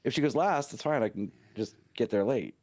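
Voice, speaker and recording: A man's voice: mid-range voice, expressive, brisk, darkish tone, dry recording. A man co-hosting a casual podcast chat, making dry wisecracks. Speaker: podcast co-host.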